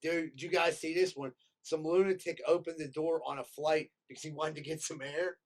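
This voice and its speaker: A man's voice: fairly high pitch, brisk. A man, co-hosting a podcast and telling crude stories in casual chat. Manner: crude, joking, animated storyteller. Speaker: podcast co-host.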